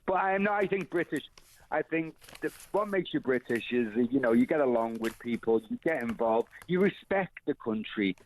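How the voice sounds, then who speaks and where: A man's voice: mid-range voice, lively intonation, moderate pace. A man calling into a radio phone-in, talking in a rambling, earnest, casual way. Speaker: radio caller. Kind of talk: phone-in call. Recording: tinny phone line.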